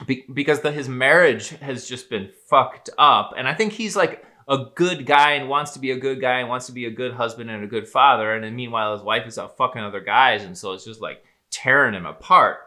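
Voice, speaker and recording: A man's voice: mid-range voice, brisk, few pauses, sharp tone. A man co-hosting a podcast, talking through his analysis in casual, rambling chat. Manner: rambling, emphatic, swears casually. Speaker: podcast co-host, psychologist.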